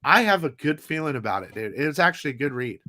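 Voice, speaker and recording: Male stream host, somewhat high voice, dry close sound, rambling salty chat. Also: big pitch swings, fast, pushed and bright, no echo. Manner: rambling, profane, loose storytelling. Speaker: comic haul show host. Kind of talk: casual live-stream chat.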